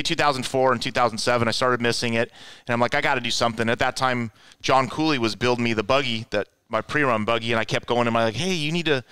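A man tells stories in a casual, animated way, jumping into the voices of the people he quotes. His voice is bright and clear. The recording is dry, with little room sound. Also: mid-range voice, dry recording. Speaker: guest, offroad racer. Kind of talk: casual storytelling.

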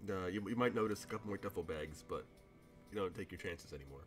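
A man's voice: sits low, fast, soft background music. A man narrating as game master, rambling and laughing often, thinking aloud as he goes.

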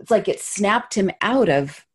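A woman's voice: mid-range voice, expressive, a little slow, slightly rough. A woman hosting an interview podcast, curious and chatty, often trailing off and restarting her sentences. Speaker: podcast host. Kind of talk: conversational interview.

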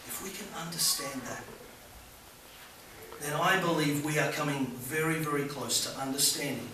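A man preaching a sermon as a visiting preacher, moving between loud fervent appeals and hushed soft passages. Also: fairly high pitch, a little hiss or hum. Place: church hall. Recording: echoey church from far off.

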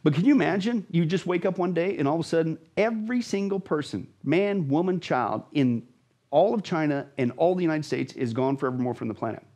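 A pastor on a show explains scripture with rising urgency and a lot of repetition. His voice is a touch husky and sits on the higher side for a man. His pitch swings widely as he presses every point. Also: lively intonation, a little fast, a little mellow. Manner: intense, dramatic, repeats words for emphasis. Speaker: pastor, guest. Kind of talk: emphatic Bible teaching in conversation.

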